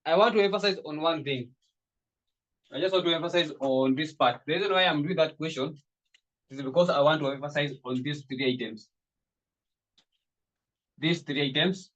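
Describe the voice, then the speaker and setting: A man's voice: a little high, a bit bright, muffled recording. A man teaching accounting, repeating his points with emphasis. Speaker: accounting tutor. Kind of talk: classroom lecture.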